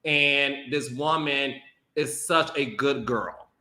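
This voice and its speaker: A man hosting a podcast, chatting playfully and laughing often, then turning slow and emotional. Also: mid-range voice, fairly even intonation, pushed and bright, echoey room. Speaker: podcast host. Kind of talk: casual chat.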